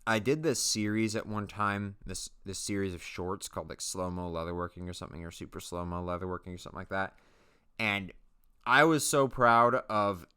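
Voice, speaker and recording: Deep, smooth-voiced man rambling casually. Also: sharp tone. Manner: rambling, self-mocking, jokey asides. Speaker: leatherworking channel host. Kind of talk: casual voice-over commentary on his own footage.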